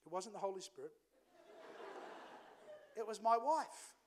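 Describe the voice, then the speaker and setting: A middle-aged man preaching in a church, his voice sitting high for a man and swinging widely as he tells a family story. He acts out each person's lines with lively, animated delivery. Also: a little slow, noisy background. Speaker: pastor.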